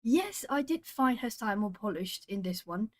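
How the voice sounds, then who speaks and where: A woman's voice: medium pitch, animated, moderate pace. A woman with Portuguese as her hosts an art stream at home. She chats casually with viewers while she colours, musing aloud as she goes. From Brazil.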